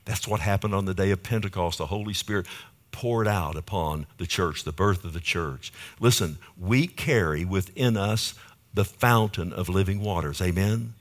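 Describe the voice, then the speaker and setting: A man preaching a sermon with rhythmic repetition and frequent calls to the congregation, dropping to hushed phrases and rising to loud emphasis. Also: moderate pace. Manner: swings between low hushed phrases and sudden loud emphasis.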